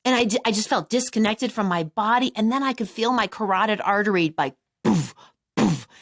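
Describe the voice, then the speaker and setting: A middle-aged woman hosting a podcast, telling a self-mocking story in a casual, animated way and acting out what people said. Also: mid-range voice, fast talker. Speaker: podcast host.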